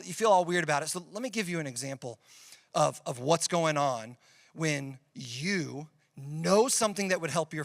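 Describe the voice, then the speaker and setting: A youth pastor with a high, bright, forceful voice preaches to students in a relaxed, conversational way. He leans on storytelling examples to make his points. The recording is dry and close, with no room sound. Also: dry recording. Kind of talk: youth sermon.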